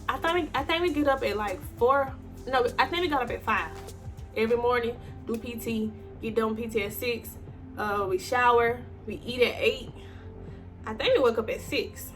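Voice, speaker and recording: Young adult woman, African American Vernacular English, casual storytelling vlog, fairly high voice, faint background music. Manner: animated, slangy, swearing, addresses viewers as y'all. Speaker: vlogger.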